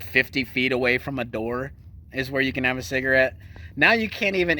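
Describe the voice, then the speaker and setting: A man's voice: a little high, bright, forceful tone. A man hosting a casual news commentary show, mocking the stories and laughing as he rants. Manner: mocking, laughs while ranting.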